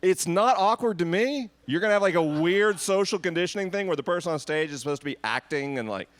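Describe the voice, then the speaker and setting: A man's voice: sits high, animated, quick pace. A man hosting a live podcast Q&A on an outdoor festival stage, joking and self-deprecating with the crowd. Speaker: podcast host.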